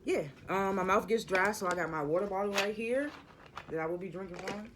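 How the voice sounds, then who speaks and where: Talking briskly over background noise, a man with a distinctly high voice gives an offhand, spoiler-filled recap of a TV episode. His delivery wanders and feels unscripted, full of stutters and frequent backtracking.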